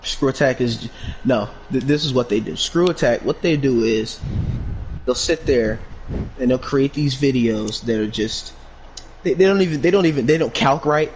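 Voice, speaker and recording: A man co-hosting a podcast, talking in an animated, ranting casual way with lots of swearing. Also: mid-range voice, normal speed, a little hiss or hum, rough recording. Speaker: podcast co-host. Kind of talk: casual chat.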